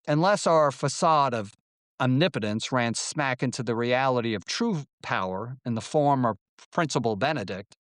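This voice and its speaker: A man's voice: medium pitch, animated, moderate pace, no room sound. Man reading his memoir, dry close sound. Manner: wry, storytelling narration with voiced quotes. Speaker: memoir narrator.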